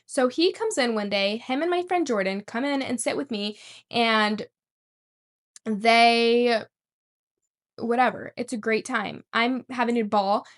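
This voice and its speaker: A woman's voice: on the high side, a little slow. A young woman vlogger telling a rambling story and swearing casually. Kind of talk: storytime vlog.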